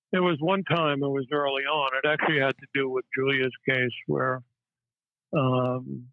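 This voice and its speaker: A man, a psychiatrist guest, telling stories in a halting way with many fillers. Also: medium pitch, no room sound. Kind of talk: casual interview storytelling. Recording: tinny phone-line audio, dry.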